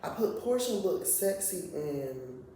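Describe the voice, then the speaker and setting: A man chats through a reality TV recap in a loose, profane way, laughing often. His voice sits a little high. It sounds far from the mic in a very echoey room. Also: very animated, takes it slowly, mellow, slight background noise. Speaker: reality TV reviewer. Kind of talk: casual recap commentary.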